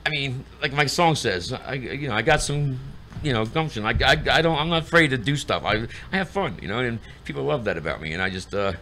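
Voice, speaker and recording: A man's voice: mid-range voice, animated, a little fast, bright, forceful tone, a little hiss or hum. A middle-aged man, a guest in casual chat, telling rambling stories and acting out what people said. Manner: rambling storyteller acting out quotes.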